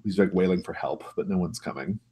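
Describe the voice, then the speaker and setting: A man narrating as game master of a tabletop role-play in a relaxed, halting way. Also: sits low, slightly rough.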